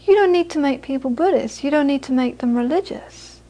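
Middle-aged woman, a Buddhist teacher with a high voice, chatty storytelling talk full of restarts. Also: expressive, brisk, mellow. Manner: chatty storyteller, many restarts and repeated words. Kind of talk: informal dharma talk with anecdotes.

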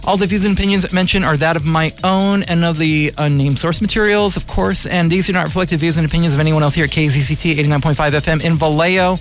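A high-pitched man behind a community radio mic, working through a heated, rambling opinion monologue. He argues, circles back and presses his points. Soft music plays faintly underneath. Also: fairly even intonation, fast, hardly any pauses. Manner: impassioned, rambling, argumentative. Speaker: radio show host.

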